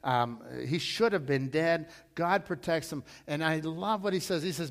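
A man's voice: fairly high pitch, moderate pace, hardly any pauses. Man preaching with rising intensity. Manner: storytelling, repeats words, rises loud for quoted lines. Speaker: pastor. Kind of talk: sermon.

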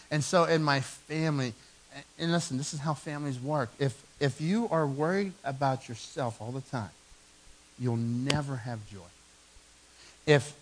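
A man in his forties preaching a sermon in a church, telling stories with animated, self-mocking humor. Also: medium pitch, rough recording. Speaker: pastor. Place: church sanctuary.

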